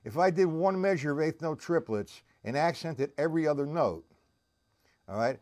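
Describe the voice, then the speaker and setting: A man's voice: fairly high pitch, lively intonation, moderate pace, a little mellow. A man giving a live-streamed drum lesson, counting beats aloud and greeting his viewers between examples. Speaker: drum teacher. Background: drums played while talking.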